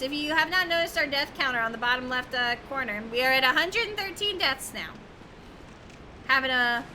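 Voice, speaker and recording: A woman's voice: high-pitched, background noise. A young woman streaming a video game, chatting casually, laughing often, swearing freely and joking about herself. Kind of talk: casual gameplay commentary.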